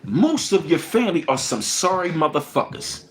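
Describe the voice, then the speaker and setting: A man hosting a livestream, ranting angrily and profanely with lots of repetition, swinging between loud bursts and low mutters. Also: very animated, moderate pace. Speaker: livestream host.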